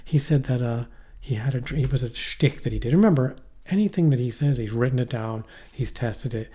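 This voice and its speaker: A man's voice: mid-range voice, fairly quick, warm tone, husky. A middle-aged man co-hosting a podcast in casual chat, rambling and profane, often trailing off and restarting. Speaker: podcast co-host. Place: poorly heated shack.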